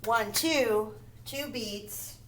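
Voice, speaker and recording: A woman teaching a phonics lesson to first graders, slowly and patiently explaining each step and checking in with the children. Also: a little high, a bit bright, slight background noise.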